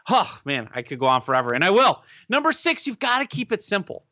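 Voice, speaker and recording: A man being interviewed, giving advice in an animated, emphatic way and often checking in with "right?". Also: sits high, quick pace, no room sound. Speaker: guest expert on webinars.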